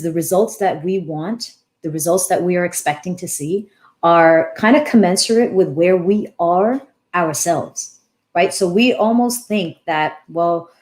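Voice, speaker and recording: A woman in her thirties, a dance teacher hosting a casual live-stream Q&A, talking warmly and thinking aloud as she reads out comments. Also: fairly low pitch. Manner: warm, animated, thinks aloud with restarts.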